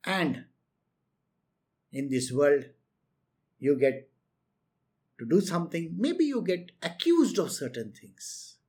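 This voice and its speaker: A woman's voice: deep voice, big pitch swings, takes it slowly, pauses often, mellow. A woman giving an earnest spiritual discourse, lecturing her listeners directly. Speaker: spiritual teacher.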